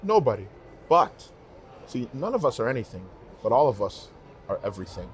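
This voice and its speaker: A man's voice: medium pitch, big pitch swings, normal speed, slight background noise. A man, a guest in an interview, telling heartfelt stories in casual conversation and repeating phrases for emphasis. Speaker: interview guest, professional singer.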